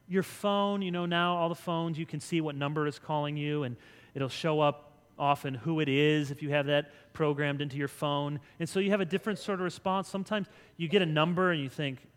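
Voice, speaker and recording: Male pastor, bright higher-set voice, conversational sermon in a reverberant church hall. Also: brisk. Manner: conversational preaching, swings from loud to soft. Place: church sanctuary.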